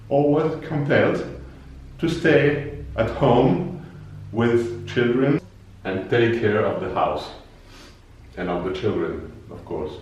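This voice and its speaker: A man explains words slowly and patiently, saying each one over for his learners. His voice sits a little low and he never rushes. The recording is boomy and echoing, with the mic some distance away. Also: darkish tone. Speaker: language teacher. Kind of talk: slow explanatory lesson. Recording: very echoey room, voice from far off.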